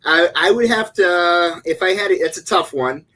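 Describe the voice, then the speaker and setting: Easygoing man, a bit high-voiced. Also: normal speed, bright, forceful tone, low-quality recording. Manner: easygoing, laughs often, some stammering. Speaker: deli and sausage shop owner, guest. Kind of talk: casual chat.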